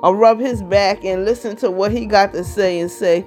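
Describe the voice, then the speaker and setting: A woman's voice: mid-range voice, normal speed, a little mellow. Woman, 50s, vlogger; chatty, rambling monologue; faint music under it. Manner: chatty, rambling, constantly asks "you know what I mean". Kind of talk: casual vlog monologue.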